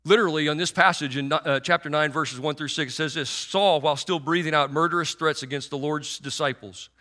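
A man's voice: a little high, fairly quick, sharp tone. A middle-aged man preaching a sermon in a conversational, sarcastic way, with many restarts and fillers.

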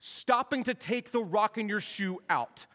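High-voiced joking youth pastor in a hall. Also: male voice, unhurried, a bit bright. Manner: joking, storytelling, acts out dialogue. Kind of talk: sermon.

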